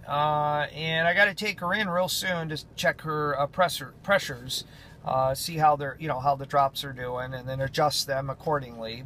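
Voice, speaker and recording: A man vlogging in a casual, rambling way, full of fillers, sometimes talking softly to his dog. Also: fairly high pitch, slight background noise. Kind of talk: casual chat to camera.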